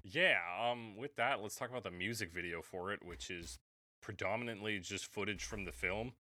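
A man's voice: on the low side, moderate pace, bright, forceful tone, no room sound. A man from Canada co-hosting a podcast, chatting casually and joking wryly, swearing now and then. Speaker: podcast co-host. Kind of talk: casual chat.

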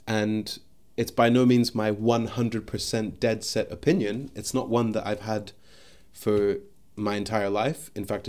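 A fairly low, somewhat mellow male voice carries this reflective solo podcast. The host talks thoughtfully into his microphone, restarting sentences often as he searches for words.

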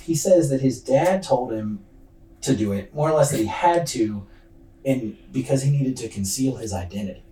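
A podcast host tells a true-crime story in a relaxed way, using loose slang and plenty of fillers. His mid-range voice is warm and expressive, at a normal speed. It was recorded on a laptop's built-in mic, so it sounds distant and roomy.

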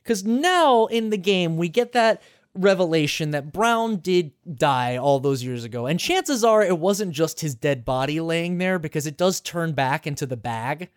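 A male podcast host recapping a game in loose, casual chat. His pitch swings widely as he swears, laughs and restarts his sentences. The sound is dry and close, with no room echo. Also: unhurried, smooth. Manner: animated, swears freely and laughs often; rambling with frequent restarts.

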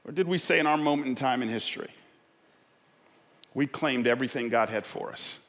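A male pastor preaching a sermon, impassioned and quick to stumble over his words as he pushes ahead. His voice is bright and forceful, and it carries a long reverb tail from the church hall. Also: mid-range voice. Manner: impassioned, with stammered restarts.

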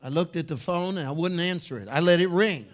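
A man preaching a fiery sermon, telling a story and swinging from shouts to hushed tones. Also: on the high side, fairly quick.

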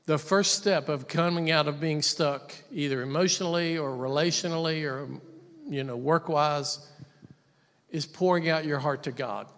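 High-voiced man preaching in a hall. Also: a bit bright. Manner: conversational preaching with asides and humor. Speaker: pastor. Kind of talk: sermon.

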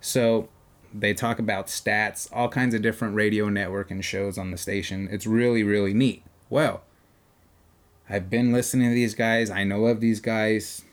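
Speaking at a moderate pace in a fairly low register, this man co-hosts a podcast and spins out a lengthy, casual anecdote. He animatedly performs the quoted lines of others, tossing in the occasional curse word.

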